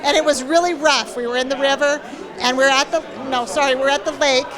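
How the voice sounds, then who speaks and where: A woman's voice: high-pitched, steady tone, fast talker. A woman at a party telling a fond, emotional story about a late friend and laughing between sentences. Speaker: party guest sharing memories. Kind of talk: casual spoken tribute. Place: indoor party venue. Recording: busy party crowd behind.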